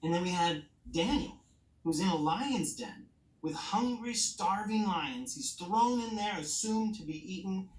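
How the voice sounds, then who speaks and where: A woman's voice: mid-range voice, expressive, measured pace, echoey room, low-quality recording. A woman telling a Bible story to children at bedtime, playful, asking them questions and acting out the characters.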